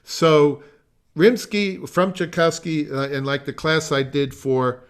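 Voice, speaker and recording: A man's voice: fairly high pitch, fairly even intonation, slow, clear, resonant tone. A man teaching a music masterclass over a video call, explaining at length, trailing off into asides and singing phrases to demonstrate them. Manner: explanatory, digressive, sings phrases.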